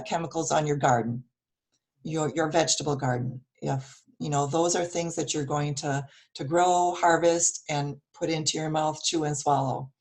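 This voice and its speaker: A hoarse woman from Wisconsin giving earnest wellness advice with many fillers, speaking over a video call. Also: low voice, darkish tone. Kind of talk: casual online meetup talk. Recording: video call audio with dropouts.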